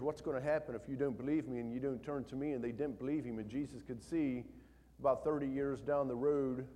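Male pastor, mid pitch, preaching with dynamic swings in a church with a long hall reverb. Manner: swings from soft and low to loud and emphatic, reading scripture aloud. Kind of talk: sermon. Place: church sanctuary.

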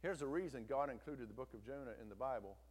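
A man's voice: medium pitch, fast talker, in a large hall. A male pastor preaching a sermon, telling a story with emphatic turns and urging the congregation to listen.

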